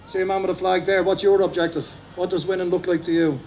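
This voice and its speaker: Fast-talking Irish man rallying a crowd. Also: high-pitched, level tone, a little mellow, soft background music. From Ireland. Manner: fast-talking, repetitive, rousing. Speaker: speaker at a rally. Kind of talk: impassioned outdoor rally speech. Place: outdoor park rally.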